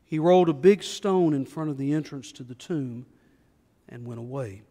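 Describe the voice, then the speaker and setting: A man leading a prayer and reading scripture aloud in church, measured and solemn with rising emphasis. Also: mid-range voice, warm tone. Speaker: pastor. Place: church sanctuary. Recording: long reverb of a church hall.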